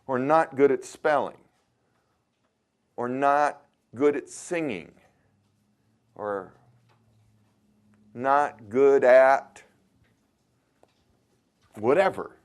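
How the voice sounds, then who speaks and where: A man's voice: medium pitch, very slow, long pauses. A man speaking to a workshop audience, asking them direct questions and coaching them in a plain, conversational way with some hesitations. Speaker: workshop leader. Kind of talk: motivational workshop talk.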